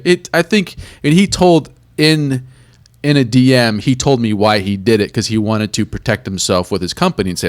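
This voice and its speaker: Animated, laughing male podcast co-host. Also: mid-range voice, normal speed. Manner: laughs often, animated retellings with quoted voices. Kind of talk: casual podcast chat.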